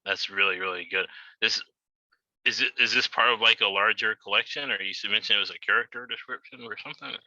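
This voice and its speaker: A man on a video call giving relaxed, appreciative comments on a reading. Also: fairly low pitch, quick pace, lo-fi sound. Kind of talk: casual chat.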